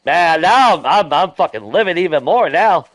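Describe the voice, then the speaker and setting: Brief: young adult male gamer, furious swearing rant, lively swinging pitch, slightly high voice. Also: normal speed, no room sound. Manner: angry ranting, heavy swearing. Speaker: gaming streamer. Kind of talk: live gameplay stream commentary.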